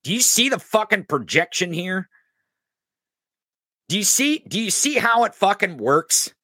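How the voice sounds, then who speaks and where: A man's voice: high-pitched, very animated, a little slow, sharp tone, no room sound, studio quality. A man hosting a podcast, ranting angrily and profanely in political commentary, mocking his opponents. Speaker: podcast host.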